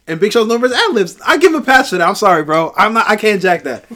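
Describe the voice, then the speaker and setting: Fast-talking, stammering podcast man. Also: high-pitched, lively intonation, fairly bright tone. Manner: quick, defensive, stammering restarts. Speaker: podcast co-host. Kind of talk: casual chat.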